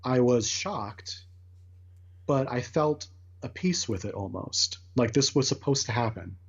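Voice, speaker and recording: Husky man telling a personal story. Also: mid-range voice, lively intonation, measured pace. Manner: earnest, rambling with restarts and acted-out quotes. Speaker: guest. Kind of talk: casual storytelling interview. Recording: muffled lo-fi audio.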